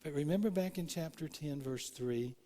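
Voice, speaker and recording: A man preaching a sermon in a church, earnest, moving between loud and hushed, acting out the quotes he tells. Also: a little high, moderate pace. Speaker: pastor. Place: church sanctuary.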